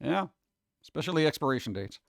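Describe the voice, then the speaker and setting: A man hosting a live stream and chatting casually with viewers, animated and loose, often slipping into mock voices. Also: fairly high pitch, fast, gravelly, no echo, studio quality. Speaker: streamer host.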